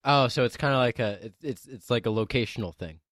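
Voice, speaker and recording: Male podcast host, mid-pitched, dry close sound, rambling and restart-prone. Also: a bit bright, no echo. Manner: halting, with many restarts and laughs. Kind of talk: casual podcast interview.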